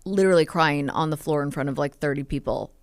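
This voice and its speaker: A woman's voice: low-pitched, quick pace, clear, resonant tone, no room sound. A woman in her thirties, a podcast guest, chatting openly and telling personal stories with many "like"s and "um"s. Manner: open, storytelling, lots of "like" and "um". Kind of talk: casual podcast chat.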